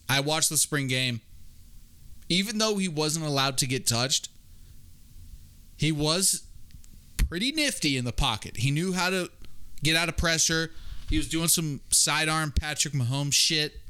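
Male podcast co-host, bright and smooth, casual analytical picks, stammers on restarts. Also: fairly high pitch.

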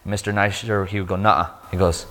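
A man giving a sermon testimony, telling his story with lively energy and acting out the voices of people he met. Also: on the low side, brisk. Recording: long hall reverb.

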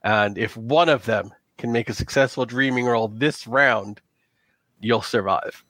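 Man, game master, tabletop narration, halting, restarts, dry sound. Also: mid-range voice, fairly bright tone, dry recording. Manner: loose, halting, full of "like" and restarts.

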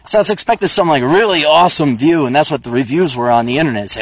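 Man, slightly high voice, casual rambling talk, profane, sarcastic, outdoors on a trail, phone mic. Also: lively intonation, fast, hardly any pauses. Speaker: podcast host.

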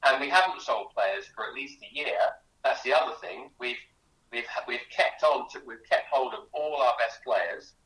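A man's voice: medium pitch, moderate pace, a bit bright, echoey room, distant mic, rough recording. A man, a guest author on a radio interview, telling chatty anecdotes with many restarts. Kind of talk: animated storytelling in a radio interview.

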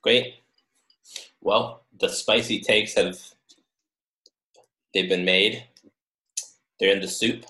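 A man's voice: sits low, steady tone, takes it slowly, long pauses, sharp tone, reverberant. A man co-hosting a podcast, bantering in a brash, jokey way and swearing freely. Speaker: podcast co-host. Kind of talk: casual banter.

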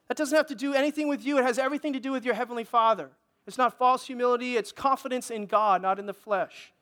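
A middle-aged man preaches a sermon in an unusually high voice for a man. He delivers it with fervor and keeps asking his congregation for an amen. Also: quick pace, fairly bright tone. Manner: impassioned, calls for amens from the congregation. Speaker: pastor.

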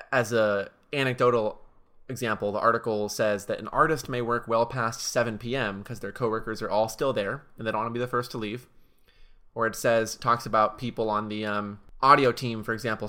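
A man's voice: fairly low pitch, bright, forceful tone. A man co-hosting a podcast, chatting casually and reading out bits of an article, restarting his thoughts as he goes. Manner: reads from an article, pauses and restarts while thinking. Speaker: podcast co-host. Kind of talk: casual chat.

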